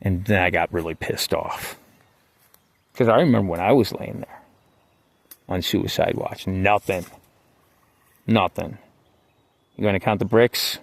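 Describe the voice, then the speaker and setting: A man with a fairly low voice tells a personal story in a loose, rambling way, swearing freely and padding his lines with filler words. His tone is wry, dropping to muttered asides and rising into heated bursts. The sound is dry and close, with no room around it. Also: moderate pace, creaky, long pauses, no echo. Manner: rambling and profane, full of "like" and "you know"; wry, swings between quiet asides and heated outbursts. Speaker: storyteller recounting his own jail time. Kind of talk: casual spoken personal story.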